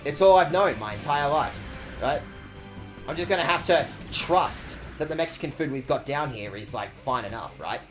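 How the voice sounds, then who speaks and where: A man's voice: on the high side, expressive, normal speed, soft background music. A man casually commentating his game stream in a playful, rambling way, swearing freely. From Australia.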